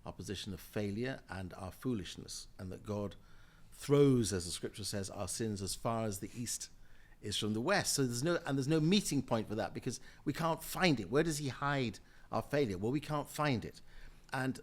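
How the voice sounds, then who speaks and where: Mid-range and at a moderate pace, the older man barely pauses. He comes from Jamaica and the UK, sits in the House of Lords, and as a podcast interview guest he tells lively stories emphatically, laughing often.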